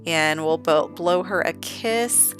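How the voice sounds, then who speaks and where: A woman's voice: lowish voice, slow. A young woman hosting a gaming channel, gushing with enthusiasm as she narrates a life-sim game. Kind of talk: casual game commentary. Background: faint background music.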